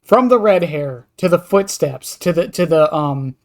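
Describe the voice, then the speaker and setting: A guest on a casual gaming podcast, talking in quick rambling bursts. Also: mid-range voice, lively intonation. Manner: quick, rambling, lots of fillers and restarts.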